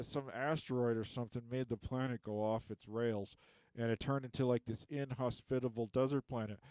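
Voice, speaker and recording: A man's voice: medium pitch, a little mellow, clear, resonant tone, dry recording. A man delivering a rambling comic monologue, constantly tacking "okay?" onto his sentences. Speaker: comedian recapping a film.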